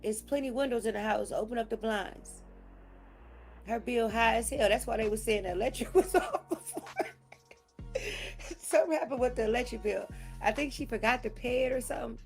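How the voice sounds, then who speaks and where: Laughing, gravelly-voiced woman gossiping. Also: fairly high pitch, brisk, pauses often, faint music behind. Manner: laughs often, swears freely, acts out quotes. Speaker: gossip commentator. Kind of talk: casual commentary on a livestream.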